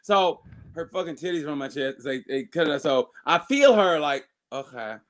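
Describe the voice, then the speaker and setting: A man telling a long, profane story in casual podcast chat, animated and full of restarts and acted-out quotes. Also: fairly high pitch, normal speed.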